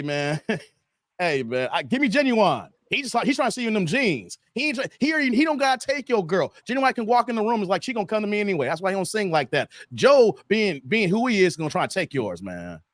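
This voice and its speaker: A man hosting a casual livestream chat, animated and laughing often as he reads viewer comments and tells stories. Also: high voice, dry recording, clean studio sound. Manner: storytelling, acts out quotes. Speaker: host.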